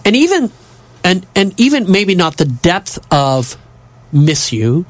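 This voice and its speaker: A man's voice: sits high, sing-song, slow pace, no echo. A man hosting a radio show, talking about music in an enthusiastic, casual way and often repeating himself. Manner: enthusiastic, repeats words, exclaims "boy".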